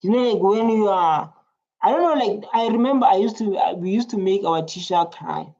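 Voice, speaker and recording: A woman's voice: mid-range voice, animated, brisk, dark tone, highs cut off. A woman giving casual reaction commentary, rambling and repeating her words. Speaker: reaction video host.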